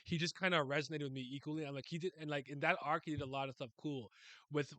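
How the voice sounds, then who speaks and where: A young man in casual podcast chat, excitable and laughing often as he acts out scenes. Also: fairly high pitch, fast talker, no echo. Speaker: podcast co-host.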